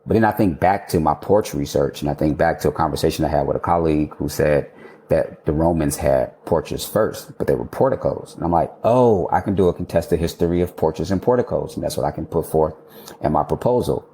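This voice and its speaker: Low-voiced man telling a candid story. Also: fairly quick. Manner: animated, candid, swears casually, quotes himself. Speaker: interview guest, architect. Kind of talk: casual storytelling conversation.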